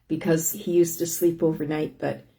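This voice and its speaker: An older woman with a low, mellow voice chats casually on her live stream. She rambles from one thing to the next, restarting sentences and looping back with "anyways". Her tone stays easygoing and homey. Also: little pitch movement, moderate pace. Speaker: host of a live stream about living with lung disease.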